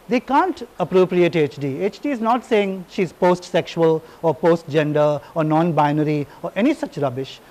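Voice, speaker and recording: Brief: man, high-pitched, delivers a lively, irreverent public lecture full of tangents. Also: low-quality recording. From India. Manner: animated, irreverent, digressive storytelling.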